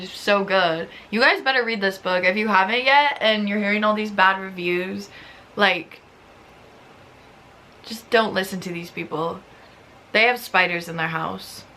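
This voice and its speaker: A young woman vlogging casually about books, reading reviews aloud in an animated, exasperated way, often using "like". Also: mid-range voice. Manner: animated, exasperated, giggly, lots of "like". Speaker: book vlogger.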